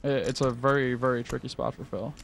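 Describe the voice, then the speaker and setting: A man giving measured, analytical expert commentary on poker hands, with frequent filler pauses. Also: medium pitch, steady tone, vocal fry, slight background noise.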